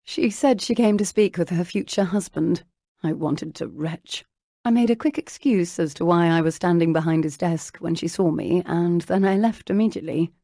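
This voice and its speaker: A woman narrating an audiobook, voicing an earnest bookish young woman who speaks intently, a little hurried. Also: lowish voice, creaky, dark tone, no room sound, clean studio sound. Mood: amused.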